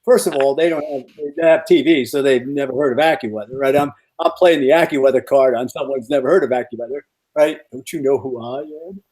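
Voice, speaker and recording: A man who is a meteorologist, guesting on a podcast and telling rambling, animated stories with many restarts. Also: medium pitch, fast. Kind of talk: casual podcast storytelling.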